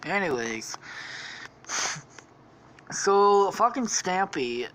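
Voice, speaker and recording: Brief: profane podcast host woman, low-ish voice, very lively, drawn-out pace. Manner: profane, rambling, lots of swearing. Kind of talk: casual rambling storytelling.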